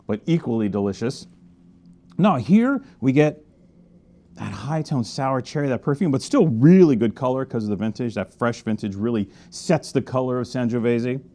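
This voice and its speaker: A man's voice: medium pitch, warm tone. A man hosting a casual wine tasting review, talking enthusiastically with chatty asides and tasting murmurs. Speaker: wine merchant host.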